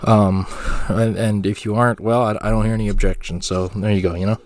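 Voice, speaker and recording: A man's voice: fairly low pitch, fairly even intonation, fairly quick, a little mellow. A man hosting a podcast alone, talking in a rambling, jokey way with many fillers and restarts. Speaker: podcast host. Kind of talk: solo podcast chat.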